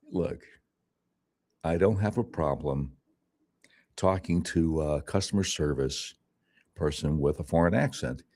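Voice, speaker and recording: A male talk radio host who reads the news aloud with sarcastic asides and then tells his own stories in an animated, emphatic way. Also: low voice, husky. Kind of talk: casual talk radio commentary. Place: radio studio.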